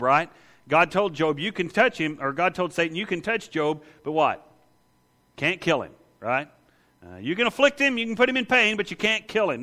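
Bright-voiced male pastor preaching. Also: on the high side. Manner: emphatic, conversational, asks the congregation questions. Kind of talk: sermon.

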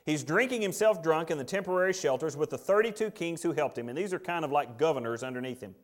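Male preacher, conversational sermon delivery, slightly higher voice, acts out scripture voices. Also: lively intonation, fast talker.

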